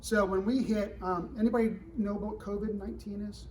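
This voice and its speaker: Middle-aged man, high voice, addressing a crowd. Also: a little fast, distant mic, noisy background. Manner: animated, rhetorical questions to the crowd, frequent "right?". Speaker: government security director speaking to students. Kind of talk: fireside chat to a live audience. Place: university event room.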